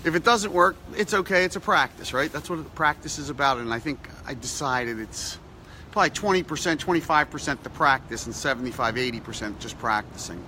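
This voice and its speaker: A middle-aged man hosting a motivational vlog, chatty and animated, repeating phrases for emphasis, filmed outdoors on a snowy street with a phone at arm's length. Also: mid-range voice, a little fast, slight background noise. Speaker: vlog host. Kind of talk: upbeat motivational vlog talk.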